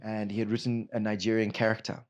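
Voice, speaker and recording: A man from Zimbabwe, an actor, telling stories from his career in a casual interview, lively and often laughing. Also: on the low side, quick pace. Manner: animated, bursts into a put-on Nigerian accent and laughter. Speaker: actor guest.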